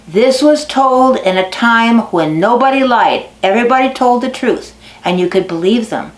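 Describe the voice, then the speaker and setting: A woman telling animal folk tales to children, lively and dramatic, stretching words for effect. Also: a little high, normal speed, hardly any pauses. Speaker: storyteller. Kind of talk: storytelling to children. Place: basket making barn. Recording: echoey barn recording.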